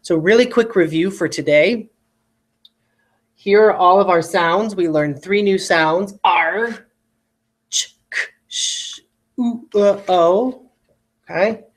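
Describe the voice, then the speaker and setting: A patient teacher leads a recorded spelling lesson for children in a voice of ordinary middle pitch. Each example word is spoken slowly and said twice, with careful, exaggerated enunciation. Frequent check-ins of "okay?" keep the pace gentle and encouraging.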